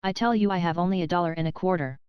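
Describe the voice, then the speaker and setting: A woman's voice: fairly low pitch, very fast, smooth, no echo, muffled recording, natural voice. A woman voicing a desperate young husband, pleading and stammering as he begs for help.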